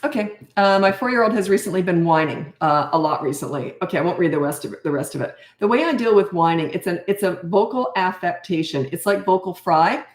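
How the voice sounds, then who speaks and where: A woman's voice: on the low side, animated, a little fast, few pauses, echoey room. An older woman and parenting coach answering viewer questions in a frank, blunt, self-mocking way.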